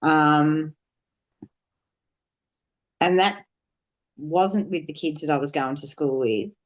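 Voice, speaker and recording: A woman's voice: low voice, takes it slowly. A woman on a podcast, telling a personal story candidly, swearing freely and rambling with fillers. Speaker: podcast guest.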